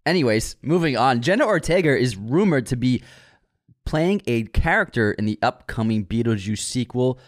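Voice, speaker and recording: A man's voice: medium pitch, expressive, normal speed. A man co-hosting a movie news podcast, reading out news items and bantering playfully when teased. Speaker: podcast co-host. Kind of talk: casual movie news chat.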